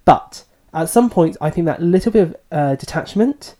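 A man co-hosting a book podcast. His voice is mellow and warm, and his delivery is thoughtful and a little self-deprecating, as he hedges his opinions in a casual chat. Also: on the high side, lively intonation, moderate pace. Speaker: podcast co-host.

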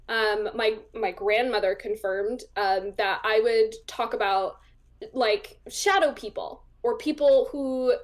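A young woman talking as an interview guest, chatty and casual, with lots of fillers as she acts out the voices in her stories. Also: a little high. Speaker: interview guest, psychic medium.

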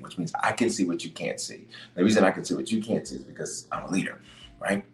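A man's voice: expressive, fast talker, roomy sound, poor audio. A bishop preaching on leadership, reading scripture and repeating his key points with emphasis. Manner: emphatic, repeats key lines, swings between loud bursts and low asides. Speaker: bishop and podcast host.

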